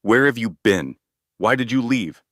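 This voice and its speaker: A man's voice: mid-range voice, lively intonation, unhurried, a bit bright, no room sound, clean studio sound, pitched above the performer's own voice. A man voicing a powerful rich man in a narrated story, his voice raw and cracked. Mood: desperate.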